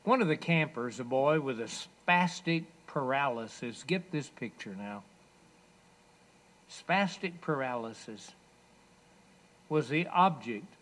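A man preaching a sermon, emphatic, with loud raised passages and soft drops. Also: mid-range voice, expressive, slow, long pauses.

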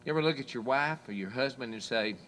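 A man preaching a sermon, quoting scripture and acting out people's complaints, swinging between loud proclamations and hushed asides. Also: mid-range voice, quick pace, slight background noise. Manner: preaching, quotes scripture, voices the complaints of listeners.

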